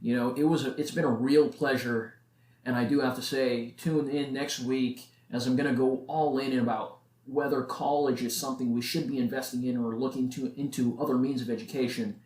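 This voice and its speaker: A man's voice: medium pitch, steady tone, a little fast, darkish tone. A nineteen-year-old man hosting a solo podcast, talking in a casual, earnest, motivational way. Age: late teens. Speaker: podcast host. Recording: echoey room.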